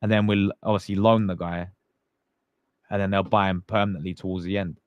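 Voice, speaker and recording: A man's voice: sits low, little pitch movement, a little fast, dry recording, lo-fi sound. A young man hosting a live fan stream, chatting casually and greeting viewers by name in slangy talk. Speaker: fan channel host.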